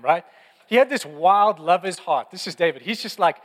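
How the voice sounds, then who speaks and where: A young man preaching a sermon, telling stories in a lively, conversational, fervent way. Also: high voice, fairly quick. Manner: animated storytelling, conversational and fervent. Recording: long hall reverb.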